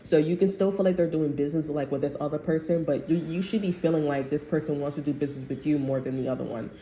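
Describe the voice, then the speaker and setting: Woman, tarot reader, low mellow voice, rambling slangy chat, echoey room. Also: quick pace, slight background noise. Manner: rambling, profane, slangy, bursts of laughter. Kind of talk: casual tarot reading.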